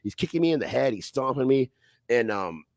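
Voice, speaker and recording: A man on a podcast telling a wild fight story in a profane, animated way, acting out other people's voices loudly. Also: medium pitch, brisk, no room sound, clean studio sound. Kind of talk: casual storytelling.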